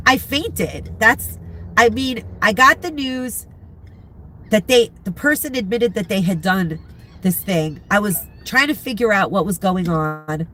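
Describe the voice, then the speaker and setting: A woman's voice: medium pitch, a bit bright, slight background noise. Congested middle-aged woman chatting in a car. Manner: rambling, chatty, searching for names, frequent laughs. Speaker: vlogger chatting with live viewers. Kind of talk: casual chat. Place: inside a car.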